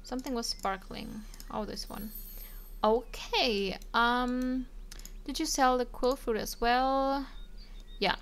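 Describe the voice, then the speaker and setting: A woman's voice: fairly high pitch, steady tone, slow pace, a bit bright, slight background noise. A young woman casually commenting on her life-simulation game, chatting to her characters with frequent ums and little laughs. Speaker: let's play streamer.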